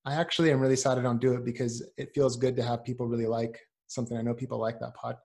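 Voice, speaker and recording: A man's voice: mid-range voice, little pitch movement, very fast, creaky, darkish tone. A man talking as a guest on a podcast in a casual chat, earnest and a bit rambling. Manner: earnest, rambling, many fillers and restarts. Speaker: podcast guest, business owner.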